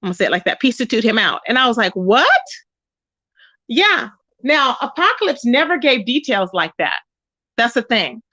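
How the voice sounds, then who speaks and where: A woman's voice: on the high side, very animated, fairly quick, sharp tone, no echo, highs cut off. A woman hosting a casual livestream gossip chat, greeting viewers by name and calling them child and baby. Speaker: livestream commentary host.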